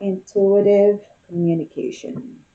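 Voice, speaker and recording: A woman's voice: mid-range voice, flat delivery, slow pace, highs cut off, noisy background. A woman giving a casual tarot reading, talking in a loose, conversational way and often checking in with "okay?" and "you know?". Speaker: tarot reader.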